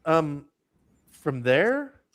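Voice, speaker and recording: A man's voice: fairly high pitch, very animated, extremely slow, dry recording. A man tells a loose travel story on a casual podcast. He wanders, restarts and fills his talk with "like." The sound is dry, with little room around it. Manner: rambling storyteller, many restarts and "like"s. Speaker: podcast host. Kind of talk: casual chat.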